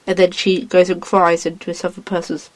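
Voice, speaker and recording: A woman in casual chat, retelling a story in a rambling, excitable way, acting out lines as she goes. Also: fairly low pitch, brisk, poor audio.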